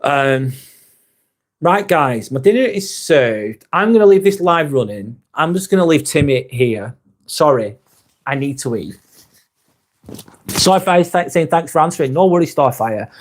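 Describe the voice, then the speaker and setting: A man from northwest England with a Lancashire accent, talking loosely to his live stream audience. His voice sits a little on the high side. He speaks candidly, with a blunt edge and the odd swear word, as he reads out and answers viewer comments. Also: slight background noise. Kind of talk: casual live-stream chat.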